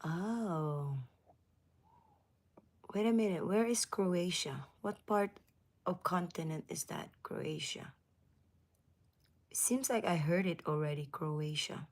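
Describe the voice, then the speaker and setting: Chatty woman with a slow, low voice. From United States. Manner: chatty, laughs often, drifts to soft whispers. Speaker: livestream host. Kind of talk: casual livestream chat with viewers.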